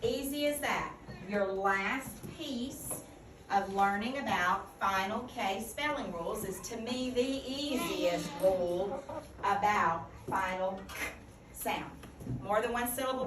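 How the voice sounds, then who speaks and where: A woman teaches phonics at a slow, patient pace, quizzing the class and echoing back each answer. She is picked up from a distance in an echoey classroom with steady background noise. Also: mid-range voice.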